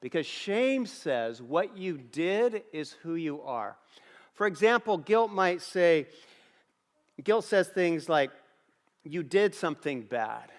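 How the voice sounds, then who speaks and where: A middle-aged man preaches with an earnest, storytelling manner, his voice sitting a bit higher than most men's. His words ring out through a large hall with a long reverb. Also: animated, takes it slowly. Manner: earnest, storytelling with repeated phrases. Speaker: pastor. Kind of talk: sermon. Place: church auditorium.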